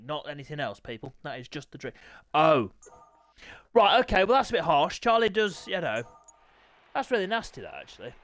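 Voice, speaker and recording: A young man hosting a sim racing league stream in casual, chatty, self-deprecating livestream talk, often clearing his throat. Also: high voice, a bit bright.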